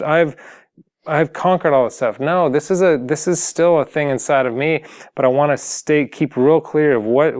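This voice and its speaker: A man's voice: medium pitch, smooth. Earnest man coaching singers. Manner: earnest, motivational, full of fillers and restarts. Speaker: singing coach. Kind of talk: casual talk to camera.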